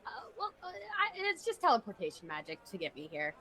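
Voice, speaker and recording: A woman plays her character in a tabletop game with a cheeky, casual delivery. Her voice is bright and forward. Her pitch swings very widely. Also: wildly swooping pitch, a little fast, husky, poor audio. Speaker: player.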